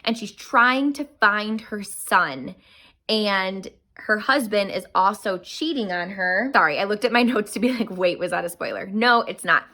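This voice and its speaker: Young female book vlogger, bright gushing delivery, slightly breathless, casual and excitable. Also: medium pitch, unhurried. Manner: gushing, enthusiastic, exclamatory. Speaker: book reviewer.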